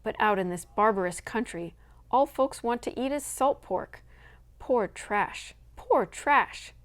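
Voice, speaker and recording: A woman's voice: animated, unhurried, lightly acted. A woman voicing a proud, dignified pioneer mother, speaking raised and emphatic. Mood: indignant. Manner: raised, high-pitched and emphatic.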